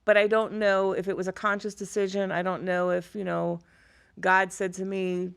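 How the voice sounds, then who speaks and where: A middle-aged former high school teacher from Florida, appearing as a guest, tells personal stories in conversation. Her medium-pitched voice is gravelly with a clean tone and moves at a normal speed, and she's a lively storyteller who acts out the dialogue she quotes.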